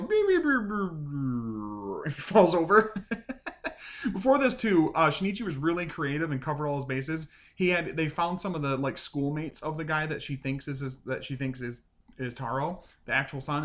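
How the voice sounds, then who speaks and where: Man, somewhat high voice, casual show recap, rambling, lots of fillers, animated. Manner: chatty, rambling with many "like" and "um" fillers; animated, acts out quoted lines. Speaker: show reviewer.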